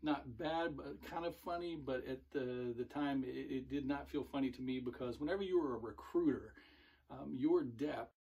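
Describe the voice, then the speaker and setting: A middle-aged man, a former military recruiter, telling stories in a relaxed, rambling way with many fillers. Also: medium pitch, moderate pace, slightly rough. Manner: relaxed, rambling, with frequent fillers and self-corrections. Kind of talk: casual storytelling monologue.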